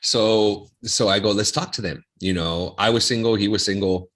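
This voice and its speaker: A man's voice: fairly low pitch, steady tone, moderate pace, fairly bright tone. A man co-hosting a podcast, telling a story in a laid-back, casual way with casual swearing. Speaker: podcast co-host. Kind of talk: casual chat.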